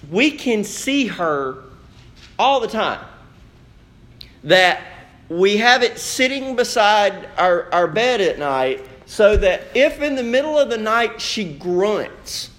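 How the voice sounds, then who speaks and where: Young male pastor, lively storytelling sermon, voice a bit on the high side. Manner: storytelling, animated, acts out quotes.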